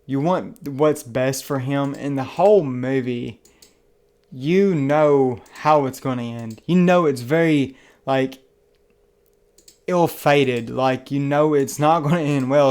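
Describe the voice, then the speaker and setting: A man with a Southern accent talks through a film review, his voice sitting at an ordinary middle pitch. He sounds earnest and enthusiastic, and his casual, rambling delivery keeps restarting phrases as he hunts for the next thought. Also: unhurried, a little mellow. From Southern United States. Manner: rambling and chatty, restarts phrases, many fillers. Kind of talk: casual spoken movie review.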